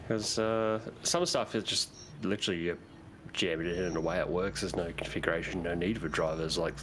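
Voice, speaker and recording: Man, very low voice, casual gaming chat, rambling with fillers, noisy voice-chat line. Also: fairly even intonation, a little fast. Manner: rambling, lots of fillers and restarts. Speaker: livestream co-player.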